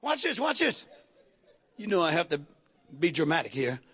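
A male pastor preaching a fervent sermon, shouting at times and calling on the congregation to respond. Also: a little high, huge pitch swings, normal speed, slightly rough.

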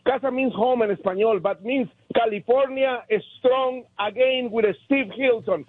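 A man's voice: very high-pitched, moderate pace, breathy edge, dry recording. A man calling in to a talk radio show, talking emphatically in broken English with a heavy Latin American Spanish accent. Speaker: caller. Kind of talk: excited call-in chat. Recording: tinny phone line.

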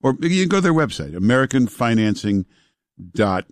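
A man's voice: mid-range voice, brisk, no echo, studio quality. Chatty New talk radio host man. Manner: relaxed, chatty, with frequent "uh" fillers. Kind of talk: talk radio banter and ad reads. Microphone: studio broadcast mic.

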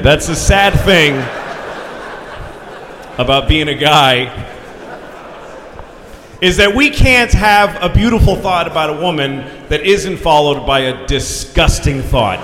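A man doing crude stand-up comedy, telling a story and shouting his punchlines. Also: a little high, takes it slowly, roomy sound, noisy background.

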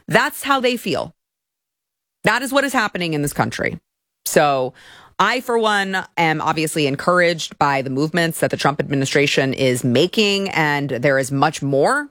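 Sarcastic lady host ranting her opinions, lowish voice, dead dry sound. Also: lively intonation, normal speed, fairly bright tone, no room sound. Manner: sarcastic, scornful. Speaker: commentary show host. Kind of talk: opinionated commentary.

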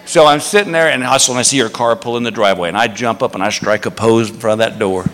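A man doing stand-up, telling a story in a lively, animated way and acting out other people's voices. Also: fast talker. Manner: animated, acts out a high-pitched wife's voice. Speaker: stand-up comedian. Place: comedy club stage with live audience. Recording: live club recording, hall reverb, crowd.

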